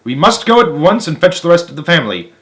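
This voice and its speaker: A man voicing an eccentric, excitable male chocolate maker in a storybook reading. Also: fairly high pitch, fast, pitched above the performer's own voice. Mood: exuberant.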